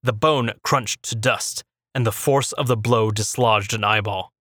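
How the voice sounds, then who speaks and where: A man narrating a fantasy story in a steady, measured reading. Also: on the low side, no room sound, clean studio sound. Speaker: audiobook narrator.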